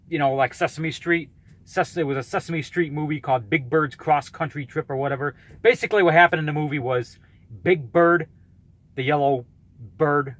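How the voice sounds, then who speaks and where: A man's voice: fairly high pitch, a bit bright, no echo. A man in his thirties ranting in a vlog, blunt, combative and profane as he calls out a rival. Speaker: YouTuber calling out a rival.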